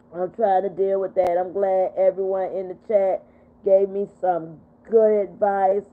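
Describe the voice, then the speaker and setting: An older woman hosting a casual livestream, talking in a heartfelt, repetitive way while she is upset but steady. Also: medium pitch. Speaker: livestream host. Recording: tinny phone-like sound.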